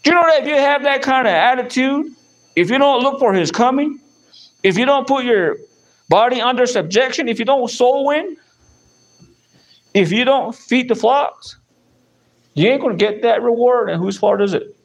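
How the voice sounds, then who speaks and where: High-voiced, animated male preacher. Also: normal speed, long pauses. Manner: animated preaching with frequent "amen" and repetitions. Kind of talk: sermon.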